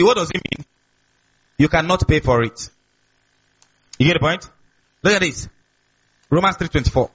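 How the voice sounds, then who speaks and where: A man's voice: high-pitched, fairly bright tone, husky. A man preaching a sermon as pastor, repeating key words and asking the congregation questions. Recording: dull lo-fi recording.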